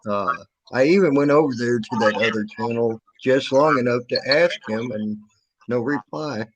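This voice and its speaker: A man's voice: mid-range voice, normal speed, crowd noise, low-quality recording. A man in casual chat, speaking bluntly and combatively, with profanity. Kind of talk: casual live-stream chat.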